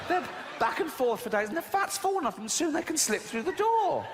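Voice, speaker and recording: Performing stand-up in a big venue, this man rants with animation and imitates goofy voices to audience laughter. His voice is extremely high and sing-song, a little fast with hardly any pauses. The live hall reverb comes with a little hiss or hum.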